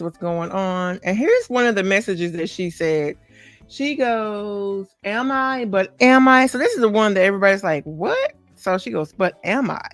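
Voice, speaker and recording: A woman's voice: fairly low pitch, no room sound. Chatty woman hosting a gossip podcast. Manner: chatty, talks straight to viewers, many asides and "okay?" tags. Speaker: podcast host. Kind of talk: casual celebrity gossip chat.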